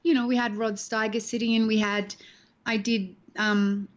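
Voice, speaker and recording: An Australian woman in her sixties, an actress chatting as an interview guest and telling lively stories, acting out the people in them. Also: a little high, moderate pace, lo-fi sound. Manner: lively storyteller who acts out the people in her anecdotes. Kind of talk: casual interview chat.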